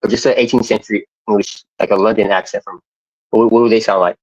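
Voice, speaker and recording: A man's voice: on the low side, fairly even intonation, fast talker, no echo, dull audio. A man chatting casually into earphones, stumbling and restarting his questions and swearing offhand. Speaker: streamer. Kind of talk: casual chat.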